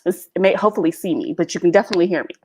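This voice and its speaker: Her voice sits on the low side and has a darkish tone, and she talks rapid-fire over slight background noise. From the United States, this live-stream vlogger brashly rants and swears at her viewers, laughing a lot, in an unscripted, candid way. A built-in laptop mic captures her at home.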